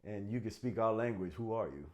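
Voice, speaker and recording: A man with a Connecticut accent talks in a relaxed, joking way, cursing casually as he riffs. His voice sits on the low side. The talk is loose, back-and-forth banter. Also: brisk. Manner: animated, joking, swears freely. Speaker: podcast co-host. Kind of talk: casual chat.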